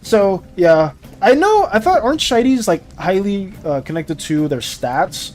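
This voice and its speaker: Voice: medium pitch, big pitch swings, normal speed, few pauses, a little mellow, soft background music. A streamer chatting casually on a live stream, rambling and giggly while reacting to chat.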